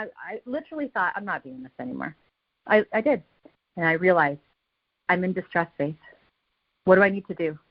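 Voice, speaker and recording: Woman, motivational speaker, repetitive punchy delivery, dull video-call audio. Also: medium pitch. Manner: energetic, repeats phrases for emphasis. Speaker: guest speaker on a team call. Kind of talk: motivational talk.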